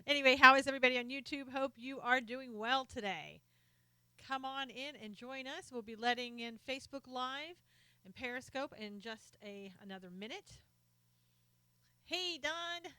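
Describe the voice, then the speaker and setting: A chatty middle-aged woman hosts a live stream and greets viewers one by one. Her voice is high and bright, very clear and close, with a dry room around it. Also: moderate pace, dry recording. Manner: chatty, reads out viewer names and comments. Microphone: desk microphone, sometimes off-axis.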